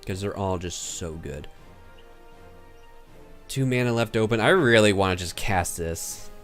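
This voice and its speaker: A man's voice: lowish voice, measured pace, fairly bright tone, faint music behind. A man streaming a card game, commenting casually and thinking aloud as he plays, sometimes counting under his breath.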